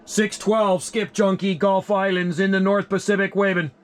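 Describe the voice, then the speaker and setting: A man working a CB radio, calling out call signs in a relaxed, friendly way. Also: sits high, moderate pace. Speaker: CB radio operator. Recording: loud radio static hiss.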